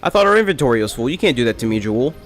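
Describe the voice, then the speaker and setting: A man's voice: medium pitch, sing-song, rapid-fire, soft background music. A young man rambling and joking through casual gameplay commentary, often correcting himself mid-sentence. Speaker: let's play gamer.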